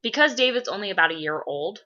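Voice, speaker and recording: Bright-voiced swearing woman vlogger, lo-fi. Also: medium pitch, fast talker. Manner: rambling and profane, with many fillers; bursts into loud excited gushing. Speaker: vlogger answering viewer questions. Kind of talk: casual chat. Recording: dull lo-fi recording.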